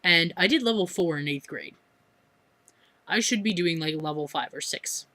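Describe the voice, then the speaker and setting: A woman's voice: lowish voice, animated, moderate pace, bright, forceful tone, no echo. A teenage girl with an American accent, rambling chattily through a casual vlog with plenty of fillers and restarts. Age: teens. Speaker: vlogger.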